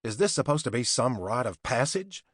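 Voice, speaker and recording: A man voicing a weary young adventurer who grumbles in a low mutter, in an audiobook. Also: very animated, normal speed, a bit bright, husky, dry recording, clean studio sound. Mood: grumbling.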